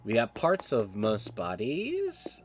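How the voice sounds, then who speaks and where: Excitable, swearing game streamer. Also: mid-range voice, slow pace. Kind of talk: casual gameplay commentary. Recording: background hiss.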